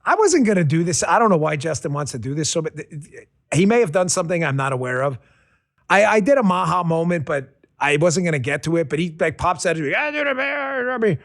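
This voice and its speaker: On his casual political podcast, a middle-aged man from New York keeps things loose and jokey, drifting into rambling tangents. He sounds animated, with a voice on the high side and a slightly fast pace.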